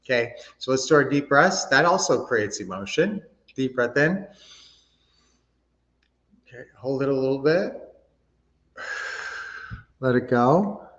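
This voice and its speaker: A man's voice: medium pitch, expressive, unhurried, fairly bright tone, in a large hall, dull audio. A middle-aged man hosting a casual coaching livestream, upbeat and motivational, talking straight to his viewers. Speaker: livestream host, real estate coach.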